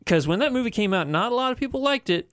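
A man's voice: very high voice, expressive, fast, a bit bright, dry recording, studio quality. A young adult man co-hosting a casual movie podcast, easygoing and playful. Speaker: podcast co-host.

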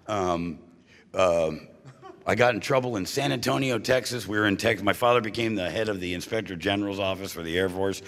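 At a recovery meeting, a man tells his own story with humor and punchy jokes, his voice on the low side, a little fast and fairly bright. He keeps asking the live audience "right?" and "you know?", and long hall reverb hangs on the recording.

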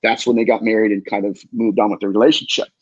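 A man, a demonologist guest, tells an earnest, emphatic story in a husky voice and often repeats himself. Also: lowish voice, flat delivery, quick pace, dry recording, muffled recording. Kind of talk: animated storytelling.

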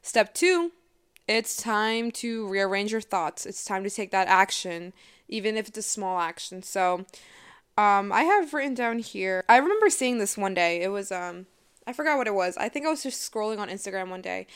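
A woman's voice: mid-range voice, lively intonation, moderate pace, clean tone. A woman in her twenties hosting a personal podcast, talking in a chatty, emotional way with lots of fillers. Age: 20s. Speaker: podcast host. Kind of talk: casual personal podcast monologue.

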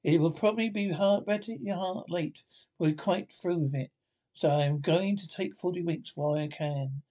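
A man voicing a wise older male badger who speaks in a quiet, dry way. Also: fairly high pitch, normal speed, close to an everyday voice. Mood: dry approval.

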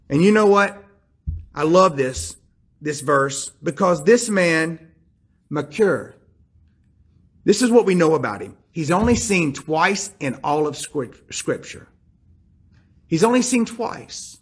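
A male pastor delivers a sermon with a high voice and a husky, slightly rough edge. He retells a scripture story and turns to the congregation with emphatic questions and direct appeals. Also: animated, takes it slowly, pauses often.

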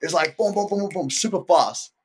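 Husky-voiced man telling a story casually. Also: sits high, brisk. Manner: animated storytelling, acting out what others said; casual and slangy, many "like" and "dude" fillers. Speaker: interview guest. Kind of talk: casual podcast conversation.

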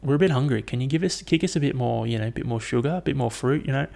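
A man's voice: medium pitch, very fast, gravelly, darkish tone, lightly acted. A man voicing a small crew of chummy, hungry gut microbes who ask politely for more food in a laid-back, friendly way. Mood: pleading.

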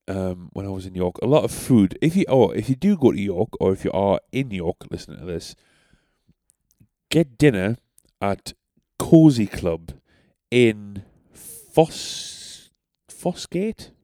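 A young man tells a meandering podcast story, full of swearing and jokes at his own expense. His voice sits low and mellow. The recording is dry and close. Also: sing-song, slow pace, no echo. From North East England. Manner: rambling, sweary, self-deprecating. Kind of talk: casual storytelling.

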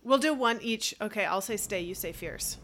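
A bright, playful woman co-host. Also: mid-range voice, lively intonation, moderate pace, slight background noise. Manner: playful, giggly. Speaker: podcast co-host. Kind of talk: casual chat.

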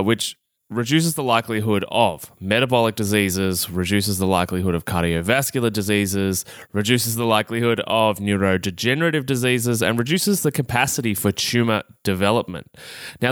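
A man's voice: lowish voice, fairly bright tone, no room sound, clean studio sound. A young Australian man hosting a solo health podcast, talking in a chatty, upbeat and self-amused way with plenty of fillers. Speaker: podcast host.

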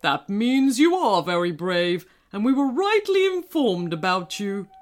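Kindly old ghost king, slow and stately, lively pitch, played by a woman. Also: faint music behind.

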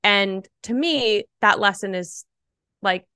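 A young adult woman tells a personal story as a podcast guest, animated and chatty with plenty of "like" fillers. Her voice sits at an ordinary middle pitch. The sound is close and dry, with no room echo. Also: slow pace, smooth. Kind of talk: casual storytelling.

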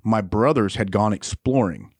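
A young adult man co-hosting a podcast, telling crude stories in an animated way and acting out the people he quotes. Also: on the low side, moderate pace, slightly rough, no room sound, studio quality. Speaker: podcast co-host. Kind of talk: casual storytelling chat.

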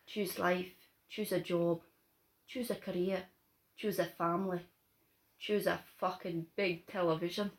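A woman putting on a rough, low Scottish voice to recite a defiant monologue, laughing through it. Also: fairly even intonation, measured pace, long pauses. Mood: mock-defiant. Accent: Scottish, put on. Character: gruff Scottish monologue reciter, attempted impression.

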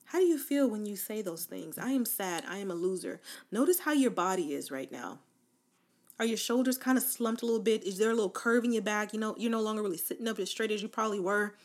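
A woman giving a casual, encouraging motivational talk, leading the listener through spoken affirmations with relaxed slang. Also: medium pitch, quick pace. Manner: informal slang, fillers like "like" and "right?". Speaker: self-help speaker.

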